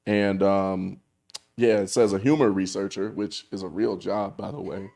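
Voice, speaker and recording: Guy with a low gravelly voice, joking around and teasing his cohost. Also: steady tone, moderate pace, darkish tone. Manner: joking, teasing, laughs often. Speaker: co-host. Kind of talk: casual chat.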